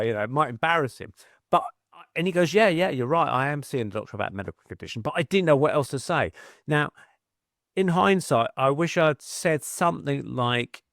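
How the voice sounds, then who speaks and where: A man's voice: medium pitch, vocal fry, no room sound, studio quality. A middle-aged man, a podcast guest telling chatty anecdotes and acting out quoted voices. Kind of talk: casual storytelling.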